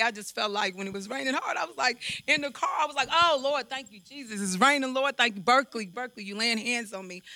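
Bright-voiced, heartfelt woman. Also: on the high side, no room sound. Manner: emotional, devout, heartfelt. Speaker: panel guest. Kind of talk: personal testimony.

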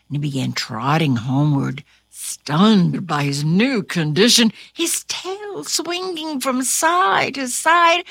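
Slow, expressive woman storyteller. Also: mid-range voice, vocal fry, no echo, studio quality. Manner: expressive, drawn-out reading. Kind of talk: storybook narration.

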